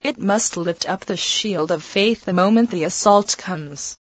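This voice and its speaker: A woman reading a devotional text aloud in an earnest, measured, exhorting manner. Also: fairly low pitch, dry recording, low-quality recording.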